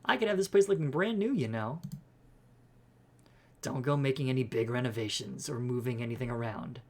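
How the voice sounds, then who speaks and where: A man's voice: medium pitch, fairly quick, darkish tone, close to an everyday voice. A man voicing a cheerful, chatty woman housekeeper who is eager to please, gushing as he goes. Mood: bubbly. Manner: bubbly, gushing.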